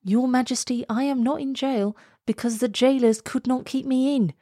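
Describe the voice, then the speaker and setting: A woman voicing a sly, smooth-talking thief who speaks softly and wheedles. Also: high voice, steady tone, normal speed, no room sound, clean studio sound, voice pushed up. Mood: wheedling.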